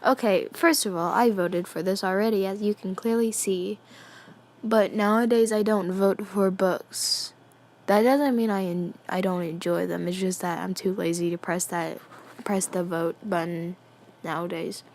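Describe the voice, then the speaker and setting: A woman reading a fan story aloud, quietly and half-whispered, giggling and breaking off to comment. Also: mid-range voice, fairly even intonation, unhurried. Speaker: fan fiction reader.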